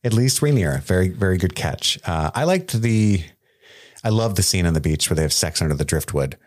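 A man's voice: low voice, fairly quick. A man co-hosting a podcast, talking casually and animatedly about a TV episode, joking and swearing. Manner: animated, profane, jokey. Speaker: podcast co-host. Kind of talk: casual chat reviewing a TV episode.

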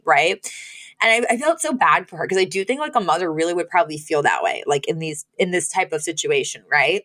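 A woman's voice: lowish voice, animated, brisk, a bit bright. A woman co-hosting a podcast, recapping a TV episode in casual chat, full of fillers and giggles. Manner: chatty, filler-heavy storytelling with frequent giggles. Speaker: podcast co-host.

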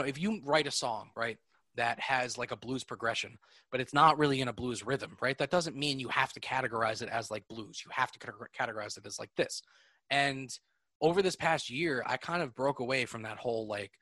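Young male podcast co-host, bright tone, dry close sound, loose and rambling. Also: mid-range voice, dry recording. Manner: rambling, loose, lots of filler words. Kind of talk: casual chat.

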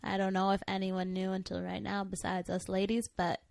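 A woman's voice: mid-range voice, a little fast, vocal fry. A young woman, chatting candidly as a podcast co-host, full of fillers and playful asides. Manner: candid, chatty, animated storytelling with many fillers. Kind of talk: casual chat.

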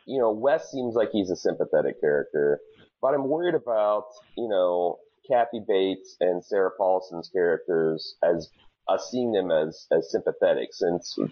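A man's voice: low voice, moderate pace, highs cut off. A man co-hosting a podcast, recapping a show in casual chat with lots of restarts and jokes. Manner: animated, stammering restarts, jokey. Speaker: podcast co-host.

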